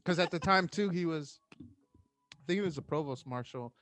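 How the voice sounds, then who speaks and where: A man's voice: on the high side, normal speed, a bit bright, soft background music. A man in his thirties, a firefighter guest, telling a story in casual chat and acting out the voices of the people in it.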